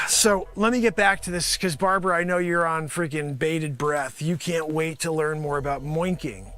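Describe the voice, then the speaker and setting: A man hosting a live improv comedy show, rambling through a pitchman bit and talking to an imagined panel, now and then bursting into shouts. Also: normal speed, faint music behind.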